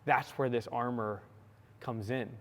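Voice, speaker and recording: A young man from California preaching a sermon, telling a story with lively acted-out quotes. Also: mid-range voice, unhurried. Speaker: pastor. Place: church sanctuary. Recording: long church hall reverb.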